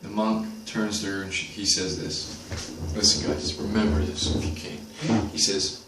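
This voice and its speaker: A man's voice: lowish voice, little pitch movement, a little slow. A man giving an earnest motivational monologue to his viewers, speaking directly and repeating his points. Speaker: motivational video host. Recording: roomy, distant from the mic, faint noise.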